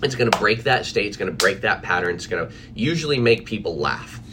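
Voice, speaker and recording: Man, casual live video, lively bouncy pitch, restarts, faint room hum. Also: brisk. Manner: animated, chatty, many restarts and fillers. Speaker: anxiety relief coach. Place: his office.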